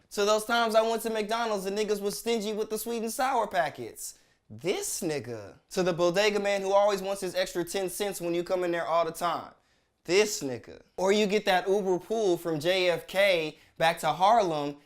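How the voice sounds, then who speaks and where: A man delivering blunt, sarcastic commentary as a vlogger, swearing heavily as he rants. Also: high-pitched. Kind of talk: profane ranting commentary.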